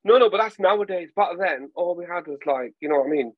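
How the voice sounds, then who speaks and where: A man from England chatting casually on a podcast, animated and telling stories while acting out voices. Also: sits high, fast talker, dry recording, phone-quality sound. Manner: animated storyteller, acts out voices. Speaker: podcast guest. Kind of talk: casual chat.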